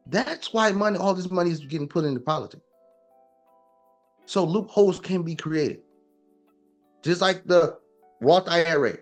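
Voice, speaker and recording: A man's voice: high voice, expressive, normal speed, faint music behind. A man talking casually and emphatically, lecturing with rhetorical questions. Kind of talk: casual opinion talk.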